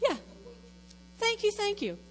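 Woman, high voice, lay church speaker, chatty and self-deprecating, long hall reverb. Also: wildly swooping pitch, measured pace, a little hiss or hum. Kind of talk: informal church testimony talk.

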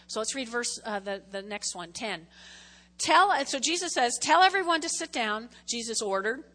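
A woman delivers a casual, conversational sermon, her voice high and bright. She keeps checking in with the congregation as she goes. The sound rings with a long church-hall reverb. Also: lively intonation, moderate pace. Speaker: preacher.

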